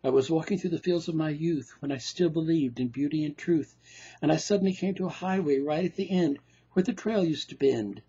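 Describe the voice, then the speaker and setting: A man's voice: on the high side, fairly quick, mellow, husky. A man playing an anxious, self-dramatizing patient, delivering rhyming lines with dramatic, plaintive emphasis. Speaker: performer reading a play. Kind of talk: theatrical monologue. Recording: dull lo-fi recording.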